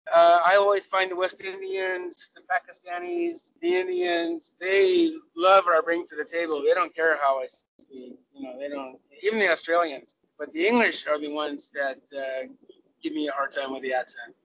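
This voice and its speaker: A man's voice: fairly high pitch, very animated, moderate pace, vocal fry, a bit bright, a little hiss or hum. An older man from Southern California with an American accent, a cricketer guest telling stories in a casual, chatty interview with lots of restarts. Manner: chatty, laughing, many restarts. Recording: dull lo-fi audio.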